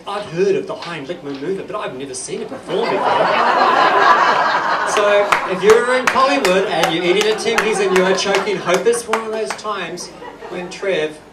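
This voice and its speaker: A man with a New Zealand accent telling rambling, self-deprecating stand-up stories on a club stage, with laughter behind him. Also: fairly high pitch. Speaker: stand-up comedian. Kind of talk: stand-up comedy. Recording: echoey club from a distance, noisy. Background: audience laughter.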